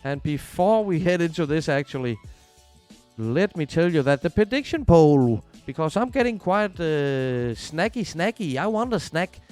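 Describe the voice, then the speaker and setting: A man's voice: a little high, very animated, unhurried, darkish tone, soft background music. Chatty man streaming a football game. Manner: chatty, reads viewer messages aloud. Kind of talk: casual game livestream chat.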